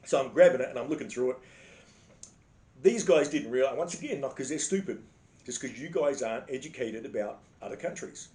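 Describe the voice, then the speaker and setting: Man, Australian accent, profane storyteller, sarcastic, medium pitch, roomy echo. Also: animated, a little fast, a little mellow. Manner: swears constantly, blunt and sarcastic. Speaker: comedic storyteller. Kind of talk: profane comedic anecdote.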